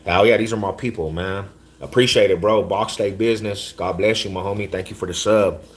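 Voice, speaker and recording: Laid-back slangy man with a very low voice. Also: steady tone, fairly quick. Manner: laid-back slangy street talk, repeats himself. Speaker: livestream host. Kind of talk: casual livestream chat, reading chat.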